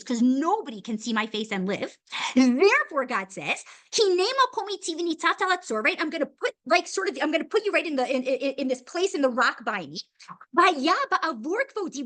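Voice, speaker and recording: A woman teaching a Torah class in an animated, conversational way, often asking "right?". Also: very high-pitched.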